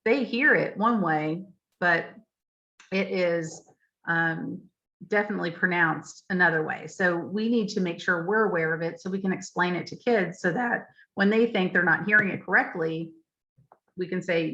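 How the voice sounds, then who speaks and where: Woman explaining reading stuff to teachers, lowish voice, says lots of um, muffled call audio. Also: moderate pace, pushed and bright. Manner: explanatory, frequent ums, demonstrates pronunciations aloud. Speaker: literacy trainer. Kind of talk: teacher training talk. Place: remote session on a video call. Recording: dull lo-fi video call audio.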